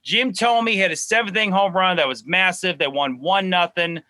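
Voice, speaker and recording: A man, a guest on a sports chat show, talking fast and excitedly as a diehard fan, often restarting his words. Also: sits high, no echo. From Chicago suburbs.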